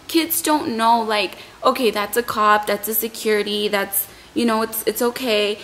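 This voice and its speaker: A woman's voice: fairly high pitch, fairly even intonation, moderate pace, hardly any pauses, a bit bright, poor audio. A young woman vlogger who is still shaken up, telling a long story in a rambling way and often repeating her words. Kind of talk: emotional storytime vlog.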